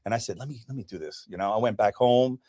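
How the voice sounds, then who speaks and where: Interview guest, middle-aged man from Puerto Rico, low voice, dry studio sound, reflective. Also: fast talker, a little mellow, no echo. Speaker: guest, bodybuilder. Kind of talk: casual interview talk.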